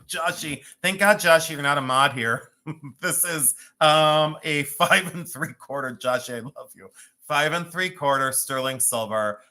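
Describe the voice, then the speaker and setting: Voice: medium pitch, unhurried, sharp tone. A host running a live jewelry sale from home, chatting and joking with viewers and laughing often. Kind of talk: live-stream selling chat.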